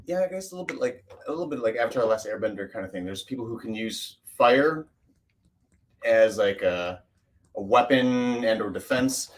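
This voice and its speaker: A man's voice: lowish voice, expressive, moderate pace. A man, an actor guesting on a livestream, chatting casually and rambling through his answers. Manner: rambling, lots of fillers and restarts. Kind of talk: casual chat.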